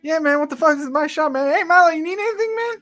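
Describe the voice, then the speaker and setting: A man voicing an excitable male shopkeeper who calls everyone "man". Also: very high voice, very fast, voice pushed up. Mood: hyped. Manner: excitable, says "man" constantly. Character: hyped-up bro male shopkeeper.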